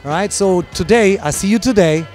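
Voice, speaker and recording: A man's voice: high voice, moderate pace, darkish tone, faint music behind. A man who judges breakdancing, explaining his judging in an interview with many fillers and restarts. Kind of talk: interview answer, explaining at length. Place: at a dance event.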